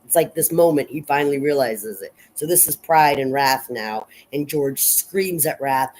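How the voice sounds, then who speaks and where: A woman casually recapping and analyzing a film in a rambling, unhurried way, full of fillers and restarts. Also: very deep voice, a little mellow, low-quality recording. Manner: unhurried and reflective. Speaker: film reviewer.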